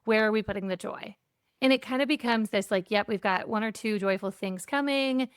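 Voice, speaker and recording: A woman with a smooth, clean voice tells an animated story as a podcast guest. She acts out little bits of dialogue and fills her speech with a casual "like." The sound is dry and close, with no room echo. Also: medium pitch, brisk. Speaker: guest, keynote speaker on joy.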